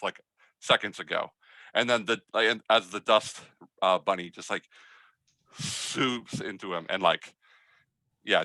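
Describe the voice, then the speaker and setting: A man narrating a tabletop game as game master, telling the scene in a loose, halting way with many fillers. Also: sits low, pushed and bright, dry recording. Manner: hesitant, filler-heavy storytelling.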